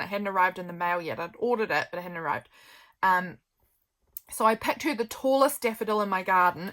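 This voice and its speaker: A woman's voice: mid-range voice, a bit bright. A woman vlogger chatting casually as she flips through her journal, rambling and friendly with plenty of ums and asides. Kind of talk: casual chatty show-and-tell.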